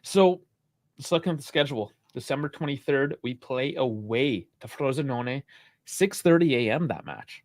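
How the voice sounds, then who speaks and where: A man's voice: medium pitch, normal speed, dry recording, studio quality. Laid-back man co-hosting a live stream. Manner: relaxed, laughs often. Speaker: podcast co-host. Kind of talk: casual live stream chat.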